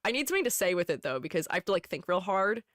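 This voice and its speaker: Giggly animated woman streamer. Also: on the low side, racing, dry recording, studio quality. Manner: giggly and playful, talks to herself. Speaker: VTuber streamer and artist. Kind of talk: casual livestream chat.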